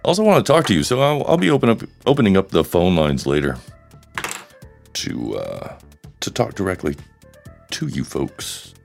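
A man with a low, deep voice hosts a solo live podcast, rambling casually and cracking crude jokes. His pitch swings around a lot as he talks, with faint music playing underneath. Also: very animated, moderate pace, creaky, long pauses. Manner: joking, rambling, crude humor. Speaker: podcast host.

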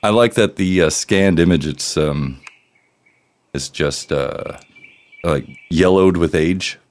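A man's voice: low voice, slow pace. A man co-hosting a casual podcast, trading dry, sarcastic quips. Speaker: podcast co-host. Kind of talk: casual chat.

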